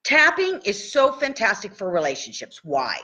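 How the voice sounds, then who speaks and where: A woman's voice: medium pitch, wildly swooping pitch, moderate pace, pushed and bright. A woman coaching tapping in a casual live stream, chatty and checking in with "okay?" after each point. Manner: chatty, says "okay?" often.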